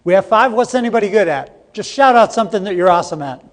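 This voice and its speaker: A man's voice: high voice, expressive, fast. Man, middle-aged, seminar presenter, joking with the crowd, reverberant hall. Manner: jokey, interactive with the audience. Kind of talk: live training seminar.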